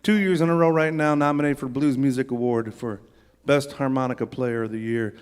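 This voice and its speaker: A man's voice: mid-range voice, steady tone, a little fast, smooth. A man leading a band on stage, introducing his players with jokes and showman patter to a live audience. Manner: joking showman, hypes the crowd. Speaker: bandleader. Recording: live concert recording with crowd and band.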